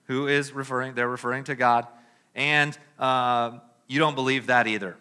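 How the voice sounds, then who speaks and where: A man preaching a sermon, reading scripture emphatically and then dropping into quiet, conversational asides. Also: medium pitch, fairly even intonation, measured pace, smooth. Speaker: pastor.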